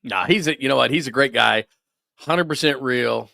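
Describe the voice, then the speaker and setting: A man co-hosts a sports talk show, with a relaxed, agreeable manner. His voice has a bright, forward edge. The recording is dry and close. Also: mid-range voice, moderate pace, creaky, no echo. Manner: relaxed, affirming, chimes in briefly. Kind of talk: casual chat.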